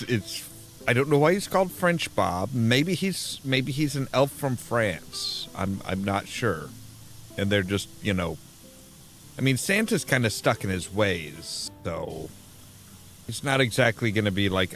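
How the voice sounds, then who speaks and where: A man's voice: fairly low pitch, expressive, a little slow, fairly bright tone, faint music behind. A man casually commenting while playing a game, rambling and restarting his sentences often. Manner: rambling, self-interrupting, frequent restarts. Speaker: gameplay video host.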